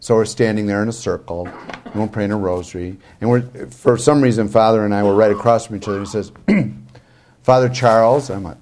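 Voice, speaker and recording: A man, a Catholic priest, telling chatty, self-mocking stories with many restarts in a relaxed talk. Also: fairly low pitch, a little fast, slight background noise. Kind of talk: storytelling talk.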